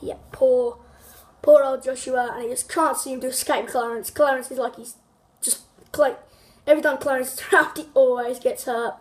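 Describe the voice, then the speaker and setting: A woman's voice: high voice, fairly even intonation, moderate pace. A woman hosting a casual, unscripted countdown video, rambling with many fillers, restarts and small giggles. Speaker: video host.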